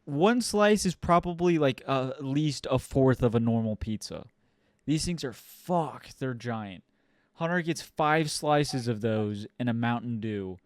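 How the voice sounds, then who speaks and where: A young man co-hosting a podcast, telling a story in a casual, profane, animated way. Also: medium pitch, a little slow, no echo, studio quality. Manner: animated, profane storyteller who acts out quotes loudly. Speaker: podcast co-host.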